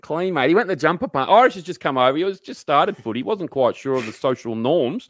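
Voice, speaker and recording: An Australian man with a somewhat high voice tells stories in a loose, swearing, animated way, slipping into quick impressions of the people he's describing. The sound is very dry and close, with no room around it. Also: no room sound. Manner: swearing, animated mimicry of coworkers. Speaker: podcast co-host. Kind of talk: casual storytelling chat.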